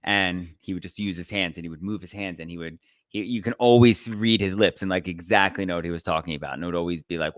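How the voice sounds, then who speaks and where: A man's voice: low-pitched, fast, fairly bright tone, dry recording, studio quality. A young man co-hosting a podcast, chatting casually, telling stories and swearing freely. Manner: loose, swearing, storytelling banter. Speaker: podcast co-host.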